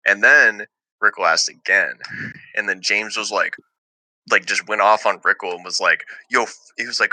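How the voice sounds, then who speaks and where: A man's voice: on the low side, moderate pace, bright, forceful tone, dry recording, rough recording. A young man telling a heated story to friends in casual chat, swearing freely and laughing often.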